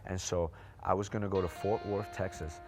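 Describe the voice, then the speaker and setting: A man telling his personal testimony in a fast, unscripted way, with many fillers and restarts. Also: deep voice, steady tone, darkish tone. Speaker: testimony speaker. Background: background music.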